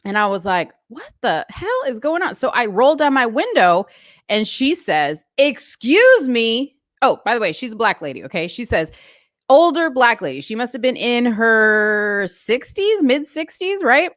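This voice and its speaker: Female vlogger, casual storytelling rant, slightly high, dry close sound. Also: normal speed, dry recording. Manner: chatty, animated retelling with asides.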